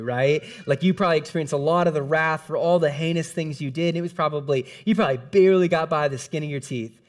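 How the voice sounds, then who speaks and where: A man preaching a sermon to a congregation, in a conversational, animated storytelling manner with frequent restarts. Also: fairly high pitch. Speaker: pastor.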